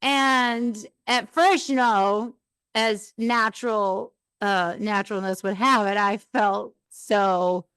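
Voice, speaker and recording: A woman's voice: mid-range voice, fairly even intonation, takes it slowly, fairly bright tone, clean tone, no room sound. A woman hosting a live podcast, telling an earnest, rambling personal story as a mom. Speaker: podcast host.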